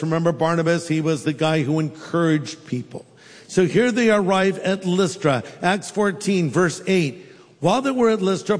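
A man's voice: sits high, big-room sound. A man preaching a sermon as a pastor, in a conversational, humorous storytelling way.

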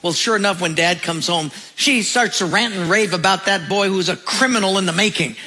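A man's voice: sits high, brisk, bright, forceful tone, rough recording. A male pastor preaching a sermon, telling humorous stories and acting out the voices in them. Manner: storytelling with acted voices and humor.

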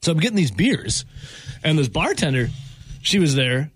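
Man, radio host, husky voice, lively storytelling, dry close sound. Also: a little high, moderate pace, no room sound. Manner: animated, laughing anecdote teller. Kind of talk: casual storytelling chat.

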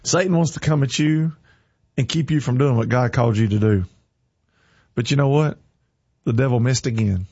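A man's voice: mid-range voice, moderate pace, long pauses, darkish tone, breathy edge, lo-fi sound. A man hosting a Christian radio morning show, upbeat and preachy, reading the weather and laughing at his own jokes.

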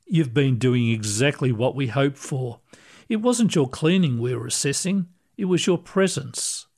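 A man voicing a kindly older male ghost who explains things patiently and gently. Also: medium pitch, expressive, unhurried. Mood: reassuring.

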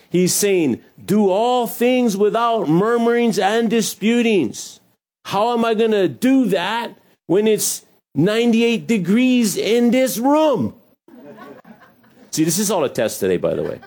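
A man's voice: fairly high pitch, mellow. A male pastor giving a conversational sermon with jokes and asides. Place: hot church room.

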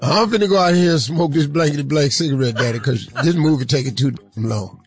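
A man's voice: fairly high pitch, fast, husky, voice pushed down. A man voicing a brassy, cussing woman who keeps calling a man daddy, in a mocking sing-song drawl.

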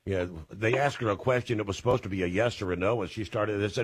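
A man's voice: on the low side, fast, husky, dry recording. A man hosting a call-in radio talk show, folksy and drawling, with many fillers.

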